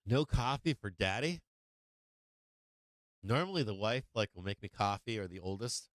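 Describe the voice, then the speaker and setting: A man's voice: on the low side, animated, moderate pace, no echo. A middle-aged man hosting a live stream from home, chatting in a rambling, casual way and greeting viewers by name. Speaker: live-stream market show host.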